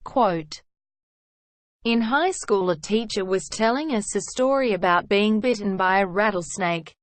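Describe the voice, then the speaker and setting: A woman's voice: mid-range voice, measured pace, no echo. Woman reading stories in a dry voice. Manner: even, steady reading that voices "quote" and hashtags. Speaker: narrator. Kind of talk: reading online stories aloud.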